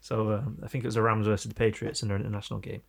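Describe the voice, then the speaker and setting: Fast animated English man, gravelly voice. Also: lowish voice, heavy background noise. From England. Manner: animated storyteller, mimics voices. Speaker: podcast co-host. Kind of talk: casual banter.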